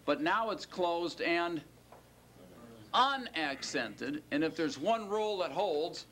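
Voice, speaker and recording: A man's voice: high voice, lively intonation, fairly bright tone, slight background noise. A man teaching a class and lecturing, quizzing students and stretching out the key words. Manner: questioning, drawn-out stressed words. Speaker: Hebrew teacher.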